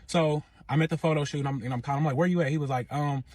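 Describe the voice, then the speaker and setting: A man's voice: on the high side, racing, no echo. A young man, casually telling a personal story, acting out the other people's lines and swearing a lot. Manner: animated, acts out quoted voices, slangy, swears a lot. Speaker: storytime podcast host.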